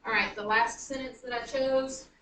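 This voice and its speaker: A woman teaching a high school writing class, chanting the stress patterns of words aloud. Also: fairly even intonation, normal speed, bright, forceful tone, distant mic. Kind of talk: classroom lecture on poetic meter. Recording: echoey classroom recorded from afar.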